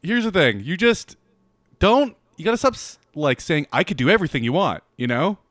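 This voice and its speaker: A man's voice: fairly high pitch, sing-song, normal speed, fairly bright tone, no echo. A man co-hosting a podcast, chatting casually in a blunt, teasing way and swearing freely. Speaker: podcast co-host. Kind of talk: casual chat.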